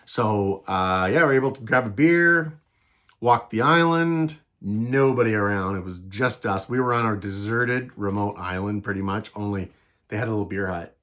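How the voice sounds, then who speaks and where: A man casually telling a travel story, rambling and animated, with many restarts and fillers. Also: on the low side, moderate pace. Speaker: travel vlogger.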